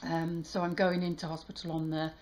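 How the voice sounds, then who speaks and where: A woman tarot reader talking warmly to her viewers, halting and emotional, with many restarts. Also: sits low, flat delivery. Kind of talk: casual heartfelt channel talk.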